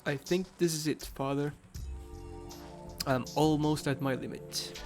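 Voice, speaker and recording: A man's voice: on the high side, unhurried. Joking male streamer over game music. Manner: joking, reads game lines aloud, frequent exclamations. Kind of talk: casual let's-play commentary. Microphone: desk microphone.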